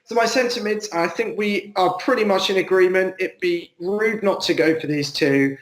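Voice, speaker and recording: A man co-hosts a casual football chat, relaxed and hesitant as he weighs his picks. His voice sits a little high for a man. The recording has noticeable room echo. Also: moderate pace. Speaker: podcast co-host. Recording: echoey room.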